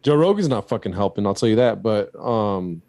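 A man's voice: on the low side, lively intonation, brisk, warm tone, no room sound. A man from California, a podcast host, chatting casually over a call and ranting with heavy profanity.

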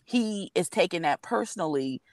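Woman panelist in a car, candid, lively, dry sound. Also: fairly low pitch, normal speed, no room sound. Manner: candid, animated storytelling. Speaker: review panel guest. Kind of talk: casual chat. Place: sitting in a car.

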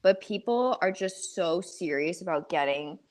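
Low-voiced woman guest, animated storyteller. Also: unhurried. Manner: animated storyteller, laughs while talking. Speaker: podcast guest. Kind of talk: casual chat.

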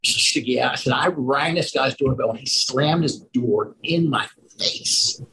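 A man, a roofing contractor, telling lively stories in a casual conversation and acting out the people in them. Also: medium pitch, unhurried, a little hiss or hum, poor audio. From Pennsylvania. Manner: animated storyteller who acts out the people in his story.

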